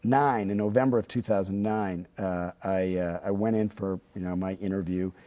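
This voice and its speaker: A man's voice: deep voice, steady tone, normal speed, mellow. A man in his fifties from the Midwest, a journalist telling stories in a studio interview, full of fillers and restarts. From Chicago. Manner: hesitant, many fillers and restarts. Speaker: journalist guest. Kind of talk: studio interview, relaxed storytelling.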